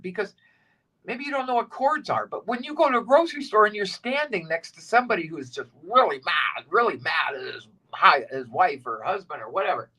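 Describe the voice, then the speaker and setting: A man co-hosting a casual spiritual talk, preachy and animated, who repeats short phrases for emphasis. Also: high-pitched, recorded from a distance. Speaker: spiritual guide and co-host.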